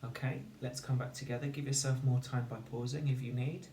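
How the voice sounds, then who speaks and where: A man teaching a phonics lesson, slowly and carefully sounding out each word for young learners. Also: medium pitch, steady tone, darkish tone, slight background noise. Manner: slow, deliberate, sounding out words. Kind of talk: recorded spelling lesson. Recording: echoey room, mic at a distance.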